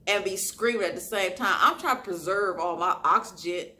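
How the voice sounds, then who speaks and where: A woman's voice: mid-range voice, brisk. A young woman vlogger telling a story to her viewers in a casual way, acting out what people said. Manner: animated storytelling, acting out quoted lines.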